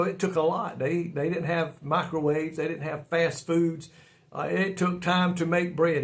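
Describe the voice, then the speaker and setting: A man giving a daily devotional sermon in a folksy, earnest way. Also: on the high side. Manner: folksy, earnest, repeats words when stumbling. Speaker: devotional preacher.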